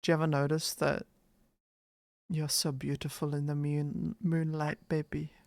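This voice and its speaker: A woman's voice: low-pitched, level tone, moderate pace, a little mellow, dry recording, studio quality. A woman streamer chatting in a playful, teasing and goofy way during a live stream on a desk mic. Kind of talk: casual live-stream chat.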